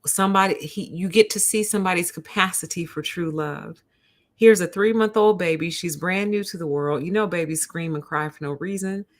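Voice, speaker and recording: A woman hosting a livestream talks straight to her chat in a fairly low voice. She tells her stories in an animated, chatty way. She calls her listeners honey and y'all. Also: brisk. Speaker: host.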